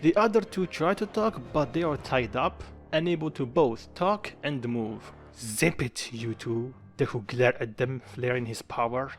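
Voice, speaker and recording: A man's voice: medium pitch, normal speed, hardly any pauses. Man narrating a fan story over music. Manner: reads all lines himself, quotes only lightly acted; non-native grammar slips. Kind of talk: dramatic fan-fiction narration. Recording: faint music behind the voice.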